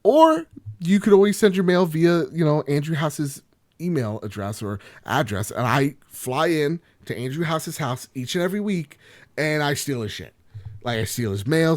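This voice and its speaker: Animated joking man hosting a podcast. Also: fairly high pitch, moderate pace. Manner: joking, rambling, swings loud to quiet. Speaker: podcast host. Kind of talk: solo podcast chat.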